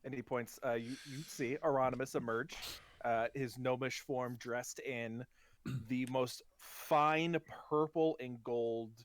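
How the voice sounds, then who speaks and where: A man running a tabletop game as dungeon master, narrating casually with many pauses and restarts. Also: medium pitch, fairly even intonation, a little hiss or hum. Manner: loose, halting narration with many ums and restarts.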